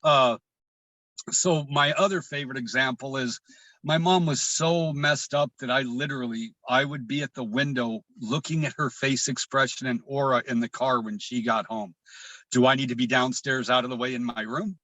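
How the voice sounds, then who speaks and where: A man from Washington state speaks as a guest over a video call, at an ordinary middle pitch. He tells a painful personal story in a halting way, often stopping, restarting and repeating words. The sound is dry, with no room echo. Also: steady tone, bright, forceful tone. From Washington state, USA. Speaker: guest sharing his recovery story.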